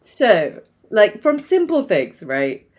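A woman's voice: mid-range voice, huge pitch swings, slow, a little mellow. A woman from Sri Lanka who works as a doctor, talking as a podcast guest in a chatty way, laughing often and using many fillers. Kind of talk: casual podcast conversation.

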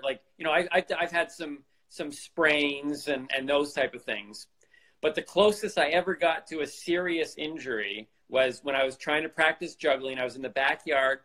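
A man's voice: fairly high pitch, fairly bright tone, poor audio. A man chatting casually in an amused, rambling way. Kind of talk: casual chat.

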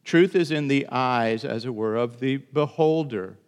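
A man's voice: unhurried, clean tone. Man preaching a sermon in a reverberant hall. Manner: earnest preaching, rising to emphatic high bursts. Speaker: pastor.

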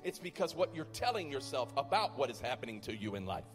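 A man preaching a sermon, reading scripture and explaining it, rising at times to loud, impassioned preaching. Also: medium pitch, big pitch swings, quick pace. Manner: reads scripture aloud then preaches, building to loud impassioned climax. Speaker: pastor. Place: church sanctuary. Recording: long reverb of a large hall, faint music.

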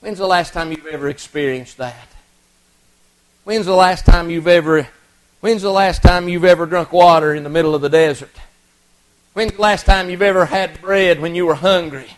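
High-voiced preacher telling a story. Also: male voice, normal speed, rough recording. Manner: folksy, earnest, many restarts and repeated words. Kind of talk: storytelling sermon.

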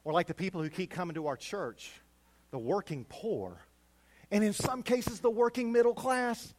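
A middle-aged man delivers a sermon as pastor, his voice sitting a little high. He preaches animatedly, building to loud, emphatic peaks and then dropping to quiet, low asides. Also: very animated, normal speed.

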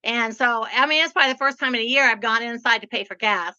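A woman hosting a casual chat, telling stories in an animated, chatty way. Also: on the high side, fast talker, muffled recording. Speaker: podcast host.

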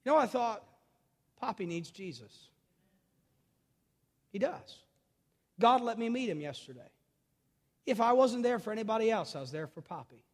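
Man, pastor, sermon, high voice, long echoing hall reverb, urgent then hushed, repeats phrases. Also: lively intonation, normal speed, pauses often. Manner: preaching with swings from loud, urgent emphasis to quiet, intimate storytelling; repeats phrases for emphasis and addresses listeners directly.

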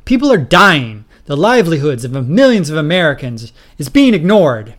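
A man's voice: on the high side, sing-song, moderate pace. A man voicing an indignant male journalist who demands answers in a spoken story. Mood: angry. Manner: demanding, agitated.

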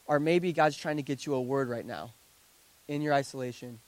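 A man in his thirties, a pastor preaching a sermon to his congregation in an animated, conversational way with joking asides. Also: mid-range voice, moderate pace, pauses often. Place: church service before a congregation.

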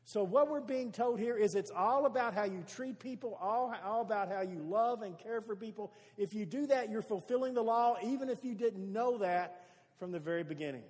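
High-voiced preaching man in a reverberant hall. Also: moderate pace, darkish tone. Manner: earnest preaching, repeats words for emphasis. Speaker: pastor. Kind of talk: sermon.

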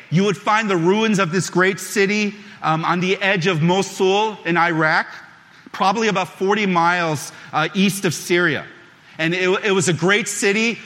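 Male pastor with a high voice, reading scripture and then preaching loosely with restarts, in a church with long reverb. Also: sharp tone.

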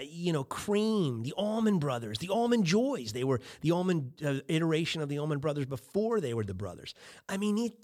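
A middle-aged man hosting a podcast, giving casual coaching on small talk with lots of fillers and acted-out sample chats. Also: mid-range voice. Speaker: podcast host.

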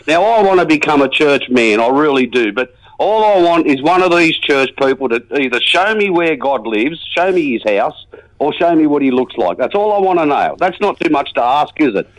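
Fields: Figure: chatty rural bush bloke, played by a man. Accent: Australian. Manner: rambling, folksy, jokey. Pitch: a bit high. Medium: comedy radio sketch. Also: animated, normal speed, close to an everyday voice, rough recording. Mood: matey. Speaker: regular caller.

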